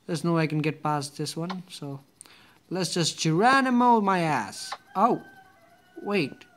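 A gamer narrates their own play in an unhurried, drawn-out way, muttering asides and swearing at the screen. The recording carries a steady background hiss. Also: mid-range voice. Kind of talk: casual gameplay commentary.

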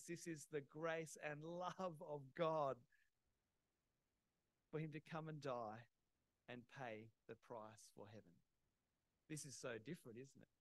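A man's voice: fairly high pitch, rough recording. A man preaching a sermon in a church, explaining things simply and plainly, with small laughs.

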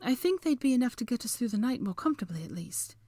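A fretful young witch who can't help lecturing, put on by a woman reading a story aloud. Her voice is pitched up from the reader's own and sounds dry and close. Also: sing-song, fast talker, dark tone, no echo. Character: anxious know-it-all young witch. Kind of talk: audiobook character voice.

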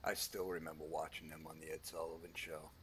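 An older man in casual chat with his gaming group, talking in a measured, reasonable way. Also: rumbling low, flat delivery, a bit bright, breathy edge. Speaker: game player.

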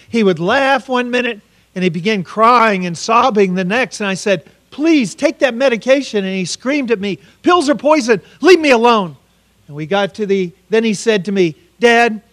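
A middle-aged American man with a fairly high voice speaks as a keynote speaker. He tells a hard family story earnestly and gives each quoted line its own voice. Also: a bit bright. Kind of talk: personal story told as a conference keynote. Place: conference hall.

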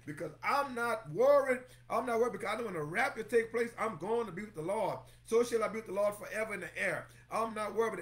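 Animated high-voiced male preacher. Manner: exclamatory, calls out congregants by name; repeats phrases for emphasis, breaks into song snippets. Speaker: pastor teaching Bible study. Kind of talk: lively sermon-style Bible lesson.

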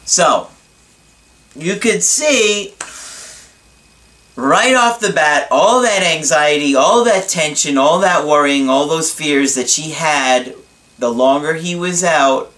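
Slow, reassuring male relationship coach. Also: on the high side, fairly bright tone. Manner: slow, deliberate, reassuring explaining. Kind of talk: advice video monologue.

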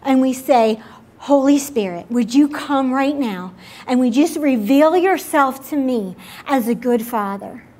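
A woman pastor leading an altar call and prayer in a church service, gently inviting and repeating her words. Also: sits high, animated, a little slow.

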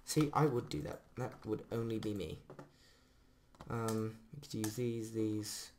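Slow-talking man narrating his game. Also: on the low side, steady tone, noisy background. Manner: chatty, self-mocking, swears when things go wrong. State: rough-sounding voice. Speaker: gamer doing a let's play. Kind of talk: casual game commentary. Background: faint background music.

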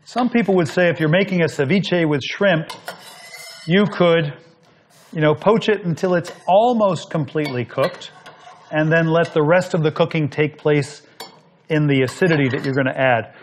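A man with a slightly high voice talks through a cooking demonstration as he chops and cooks. He explains each step in a relaxed, instructive manner, as if teaching the viewer. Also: moderate pace, slight background noise. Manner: explanatory, talks while working. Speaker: cooking show host.

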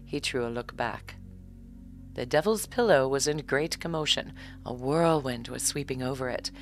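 A woman calmly narrating a bedtime storybook in a steady reading voice. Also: a bass voice.

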